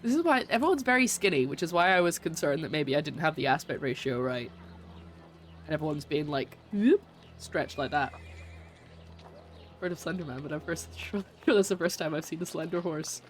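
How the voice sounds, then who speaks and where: Speaking a little fast in a low voice, a woman chats casually as she plays a video game on stream. She giggles a lot and teases herself throughout the laid-back let's-play commentary.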